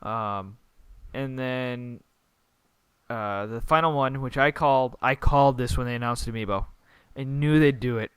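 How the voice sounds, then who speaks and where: A man's voice: mid-range voice, measured pace, a bit bright, smooth, dry recording. A young man co-hosting a casual gaming podcast on a group call, talking enthusiastically and emphatically, rambling a bit. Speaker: podcast co-host.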